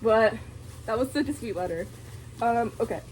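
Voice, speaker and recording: A woman's voice: fairly high pitch, moderate pace, a little hiss or hum. A young woman vlogging casually, giggling and gushing with many fillers as she unboxes something.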